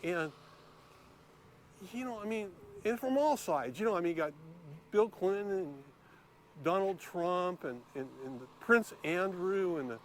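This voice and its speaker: A man's voice: sits high, expressive, unhurried, a little hiss or hum. A man vlogging while he walks around a lake outdoors, talking casually with many fillers and restarts. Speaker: YouTube vlogger. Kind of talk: casual walking vlog. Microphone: handheld camera while filming.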